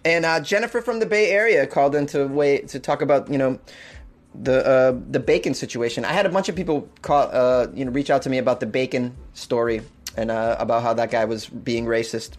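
A man's voice: medium pitch, a little fast. A young man hosting a casual comedy news podcast from his apartment, rambling and laughing at his own jokes. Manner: rambling, self-amused, laughs often. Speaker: podcast host. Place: hot apartment.

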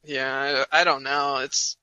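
A man's voice: mid-range voice, level tone, unhurried, sharp tone, clear, resonant tone, no echo, highs cut off. A man co-hosting a casual chat, blunt and dismissive in his opinions.

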